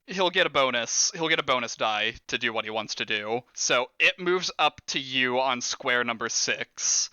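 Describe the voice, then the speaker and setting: Game master type, man, bright forceful voice, dry close mic, casual and rules-minded. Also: medium pitch, lively intonation, normal speed, few pauses, clean tone, no echo, lo-fi sound. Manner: rule-explaining, laughing often. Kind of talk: running a tabletop horror game, casual.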